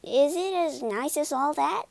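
A woman's voice: medium pitch, wildly swooping pitch, a little slow, a little mellow. A woman reading aloud, voicing a shy, curious young male mole in a storybook with an eager, wide-eyed manner.

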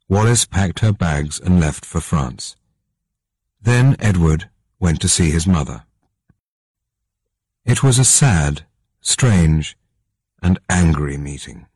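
A man narrating an audiobook in a calm, measured storytelling manner. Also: deep voice, slightly rough, no room sound. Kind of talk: scripted narration.

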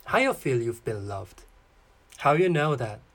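A podcast co-host in casual chat, speaking in halting, simple phrases and sounding thoughtful. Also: medium pitch, very animated.

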